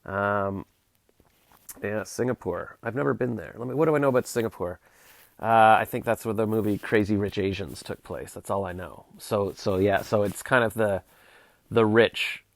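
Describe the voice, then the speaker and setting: A Canadian vlogger in his forties answers live chat on a stream, rambling and restarting his thoughts with wry, sarcastic asides. His voice is gravelly, fairly low and moderately paced, with no room sound.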